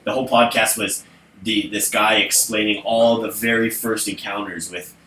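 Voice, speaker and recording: A man's voice: fairly low pitch, fairly even intonation, moderate pace, fairly bright tone, far from the mic. Rambling man in an echoey room. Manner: rambling, many restarts and likes. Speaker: podcast co-host. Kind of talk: casual chat. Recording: echoey room, faint noise.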